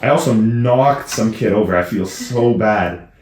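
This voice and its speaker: A man's voice: lowish voice, measured pace, darkish tone. A young man co-hosting a podcast, telling boastful stories and teasing his sister in casual banter. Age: young adult. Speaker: podcast co-host. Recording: echoey room.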